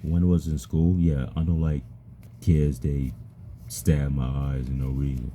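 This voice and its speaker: A man with a deep voice chatting casually with an AI, halting and stammering and repeating his words. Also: level tone, warm tone, a little hiss or hum. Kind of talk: casual chat with an AI.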